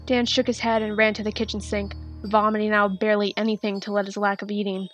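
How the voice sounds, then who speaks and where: Woman reading a fanfic, medium pitch, clear music going under her. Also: little pitch movement, quick pace. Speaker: fan fiction reader. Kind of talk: dramatic story reading.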